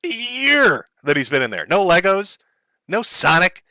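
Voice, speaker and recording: A man's voice: high-pitched, very animated, measured pace, sharp tone, no echo. A man hosting a livestream, giving a crude, sarcastic rant with mocking asides. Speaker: streamer host.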